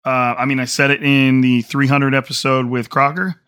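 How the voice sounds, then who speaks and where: A man hosting a sports podcast with a hoarse, strained voice, talking casually and rambling with frequent restarts. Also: medium pitch, level tone, moderate pace, fairly bright tone, no room sound, studio quality. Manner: rambling, many restarts and fillers. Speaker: podcast host. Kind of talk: casual solo podcast talk.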